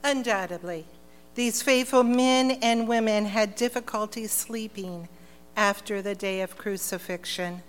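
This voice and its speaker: A woman narrating an Easter church drama in a solemn, measured way. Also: mid-range voice, in a large hall. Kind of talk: scripted narration.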